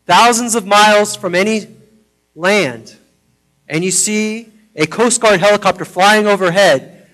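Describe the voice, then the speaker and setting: High-voiced man preaching a sermon. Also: low-quality recording. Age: adult, parent of a foster daughter. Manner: earnest, drops softly into personal stories. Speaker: pastor.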